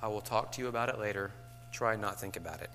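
Bright male workshop speaker, joking, casual, plays out student lines. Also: lowish voice, quick pace, slight background noise. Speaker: teacher giving a workshop to teachers. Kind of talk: casual lecture.

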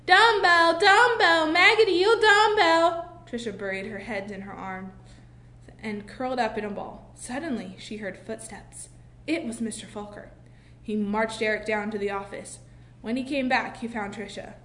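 A woman reading a children's book aloud, expressive, with slow dramatic pauses. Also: medium pitch. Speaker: narrator. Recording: echoey room with faint hiss.

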